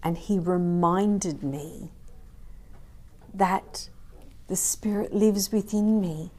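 A woman giving a personal devotional talk, earnest and storytelling, dropping to a hush at tender moments. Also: lowish voice, extremely slow. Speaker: Christian speaker.

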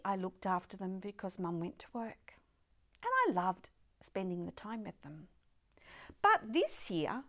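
High-voiced older woman giving a devotional. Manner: emphatic, often drops to a soft whisper; expressive, piles up words of praise. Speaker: Christian devotional speaker. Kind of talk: devotional talk.

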